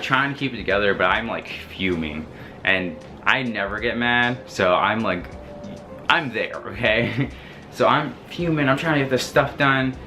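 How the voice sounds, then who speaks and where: A young man telling a story in a casual, animated way, laughing often and swearing freely. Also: medium pitch. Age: young adult. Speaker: vlogger.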